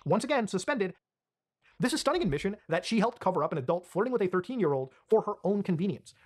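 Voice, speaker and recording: A narrator reading a documentary voice-over in a brisk, lively delivery. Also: medium pitch.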